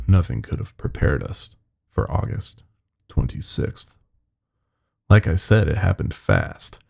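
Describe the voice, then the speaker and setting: A man's voice: low-pitched, gravelly, darkish tone. A man narrating a first-person horror story in a grim, wry manner.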